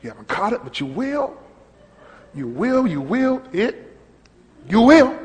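A man pastor preaching a sermon, teaching a congregation and calling out to them, his voice rising to shouts. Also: sits high, very animated, measured pace, big-room sound. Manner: call-and-response preaching, swelling to shouts.

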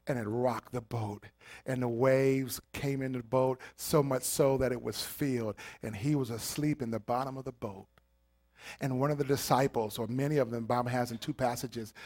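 A man preaching a sermon, animated and acting out voices, rising to shouted peaks. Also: medium pitch. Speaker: pastor.

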